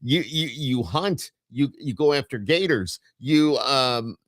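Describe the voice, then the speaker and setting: A man's voice: medium pitch, animated, slow pace, fairly bright tone, dry recording, clean studio sound. A man hosting a podcast, talking in an enthusiastic, chatty way with his guest. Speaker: podcast host. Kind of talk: casual interview chat.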